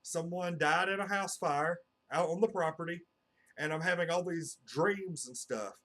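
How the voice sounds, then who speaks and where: A man's voice: on the high side, normal speed, sharp tone. A man, telling a personal story to camera in a casual, meandering way full of "uh" and "you know.". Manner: earnest, meandering, heavy on fillers like "uh" and "you know". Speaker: channel host.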